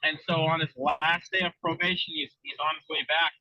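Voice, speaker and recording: A man's voice: a little high, fairly even intonation, a little fast, bright, forceful tone, no echo, muffled recording. Chatty man telling a story. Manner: loose, storytelling, many fillers. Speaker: podcast host. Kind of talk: casual chat.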